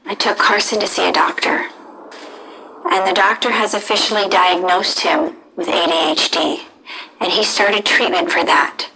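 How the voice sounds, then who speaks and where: An actress playing a supportive mother who speaks gently and reassuringly. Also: mid-range voice, moderate pace, gravelly, slight background noise, rough recording. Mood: gentle.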